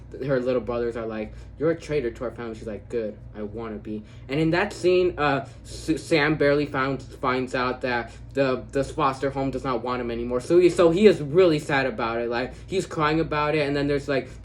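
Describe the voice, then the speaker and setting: A man casually reviewing a movie, rambling with lots of fillers, dropping quiet when quoting lines and growing loud when he gushes about his favorite parts. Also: medium pitch, slight background noise.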